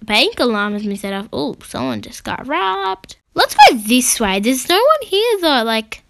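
A woman's voice: high-pitched, very animated, measured pace, fairly bright tone, no echo. A woman hosting her gaming channel, chatting casually through her gameplay with frequent gasps and exclamations. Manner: chatty, giggly, gasping and exclaiming.

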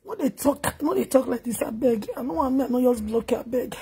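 A woman's voice: sits high, brisk, few pauses, mellow. A middle-aged Nigerian woman vlogging, wailing and chanting in grief before telling a sad story in gossip style. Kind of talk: emotional lament and gossip.

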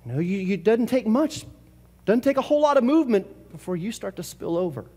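A man preaching a church sermon in a high, reaching voice, hammering phrases again and again. He swings from loud, pressing bursts down to near-hushed words. His voice rings with the long reverb of a church hall. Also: expressive, fairly quick, slightly rough. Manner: impassioned preaching with repetition and sudden swings between loud and hushed. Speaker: pastor. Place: church service.

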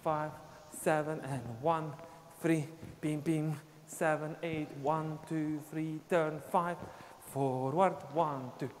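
A man's voice: fairly high pitch, fairly even intonation, takes it slowly, hardly any pauses. A man teaching a live online dance class, explaining steps and counting beats aloud as he dances. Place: dance studio. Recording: long reverb, faint ambient noise.

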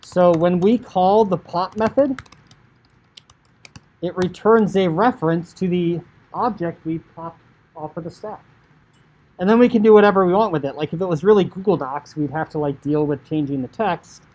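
Husky male teacher narrating live code. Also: high-pitched, moderate pace, darkish tone, lo-fi sound. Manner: chatty, filler "like", acts out inner thoughts. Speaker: high school computer science teacher. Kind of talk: casual coding screencast lecture.

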